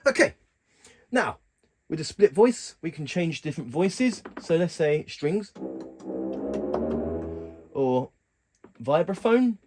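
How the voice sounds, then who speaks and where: Slightly high-pitched and very animated, a man gives a casual keyboard demonstration, halting often to correct himself partway through sentences. The keyboard sounds he's demonstrating play loudly over what he says.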